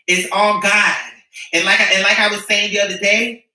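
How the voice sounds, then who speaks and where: Bright-voiced man in an echoey room. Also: sits high, little pitch movement. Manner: earnest, repetitive, spiritual, halting restarts. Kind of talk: emotional personal testimony. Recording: echoey room, distant mic.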